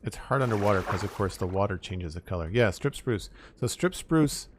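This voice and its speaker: A middle-aged man live-streaming a building game, thinking aloud in a relaxed way and thanking viewers by name. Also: lowish voice, normal speed, a little hiss or hum. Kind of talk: casual live-stream chat.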